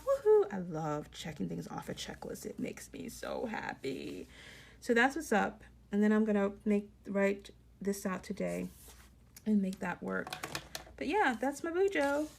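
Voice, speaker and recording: Gravelly-voiced woman chatting casually. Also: lowish voice, darkish tone. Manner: chatty and rambling, many fillers and asides. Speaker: romance author and vlogger. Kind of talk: casual journal flip-through chat.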